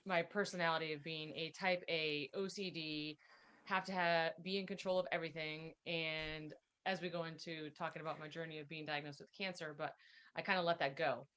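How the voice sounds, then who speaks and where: A woman guesting on a podcast, telling her story in a lively, upbeat way. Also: low voice, a little fast, clean tone. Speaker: podcast guest, health coach. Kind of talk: casual interview chat.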